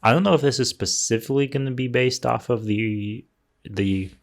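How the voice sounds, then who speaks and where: A man's voice: mid-range voice, normal speed. A man co-hosting a casual movie podcast, ranting with strong opinions. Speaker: podcast co-host. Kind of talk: casual chat.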